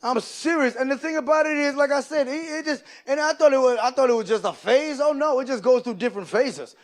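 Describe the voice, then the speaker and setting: A man doing live stand-up comedy, telling animated stories and slipping into loud character voices. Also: extremely high pitch, fairly quick.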